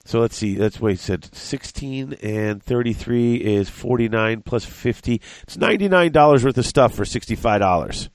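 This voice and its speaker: A man's voice: mid-range voice, lively intonation, normal speed, hardly any pauses, no echo. A man in casual hobby chat, thinking aloud as he works out prices and corrects himself.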